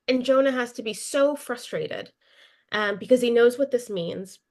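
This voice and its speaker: A woman preaching a sermon in a relaxed, conversational way, with asides and fillers. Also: fairly high pitch, moderate pace.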